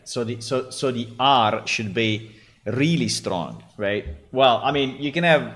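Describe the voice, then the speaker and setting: A man's voice: mid-range voice, unhurried, fairly bright tone. A man with an Italian accent and Italian as his first language, a game developer rambling casually about AI voices, often repeating himself. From Italy.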